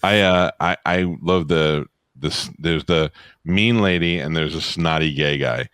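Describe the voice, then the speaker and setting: A man co-hosting a casual comedy podcast, telling stories bluntly and profanely with a deadpan edge. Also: extremely low pitch, a little slow, smooth, no echo, studio quality. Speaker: podcast co-host.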